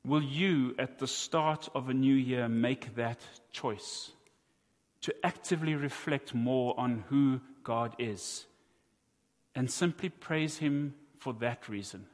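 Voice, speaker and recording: Slow South African preacher in a hall. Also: male voice, medium pitch. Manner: earnest, deliberate teaching with wry asides. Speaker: pastor. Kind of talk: sermon.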